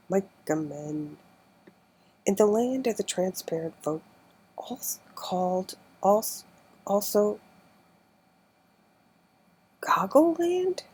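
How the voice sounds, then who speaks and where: A woman reading the lines of a sad, solemn little male courtier in a low, musical voice with formal, old-fashioned speech, in an audiobook. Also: lively intonation, slow, long pauses, mellow, breathy edge, heavily acted, poor audio. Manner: archaic formal speech, mournful.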